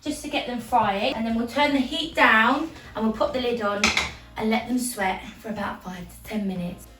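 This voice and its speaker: A woman's voice: a little high, normal speed, reverberant, far from the mic, over music. An English woman hosting a casual home cooking video, chatty and jokey, talking through each step in her kitchen. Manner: chatty, jokey, breaks into silly singing.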